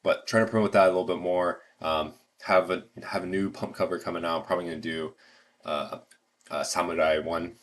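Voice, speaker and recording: A man's voice: deep voice, fairly even intonation, brisk. A man with an American accent hosting a casual livestream, rambling with lots of fillers and restarts. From United States. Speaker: livestream host.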